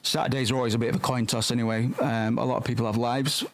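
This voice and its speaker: A man's voice: mid-range voice, flat delivery, quick pace. A man streaming a horror game, rambling casually and swearing as he plays along with the characters. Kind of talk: casual gameplay commentary.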